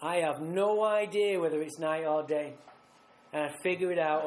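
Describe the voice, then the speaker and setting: High-pitched man telling his story live. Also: fairly even intonation, normal speed, a little hiss or hum. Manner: vivid storytelling, acts out scenes, blunt and profane. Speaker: speaker at a recovery retreat. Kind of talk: personal recovery story told live. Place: retreat meeting room. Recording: roomy live talk recording.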